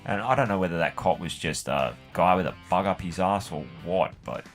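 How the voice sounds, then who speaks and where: Rambling Australian man, lowish voice. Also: a little fast, soft background music. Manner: rambling, sweary, full of "like" and "you know". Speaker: gaming channel host. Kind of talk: casual storytelling while playing a game.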